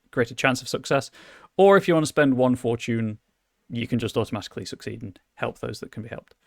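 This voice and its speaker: A man narrates a tabletop game as game master, his mid-pitched voice halting and restarting as he searches for words. The sound is dry and close, with no room around it. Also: creaky, no echo. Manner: halting, many restarts and fillers.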